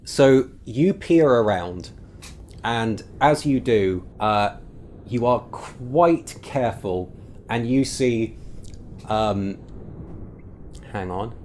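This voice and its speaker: A man's voice: mid-range voice, expressive, drawn-out words, long pauses, darkish tone, a little hiss or hum. A man running a tabletop game as game master, describing scenes at length with frequent fillers.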